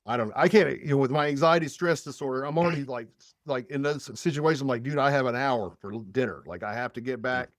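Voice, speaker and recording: A man's voice: mid-range voice, fast talker, no room sound, clean studio sound. A man in casual podcast chat, telling a long story with many fillers and restarts. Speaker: podcast guest.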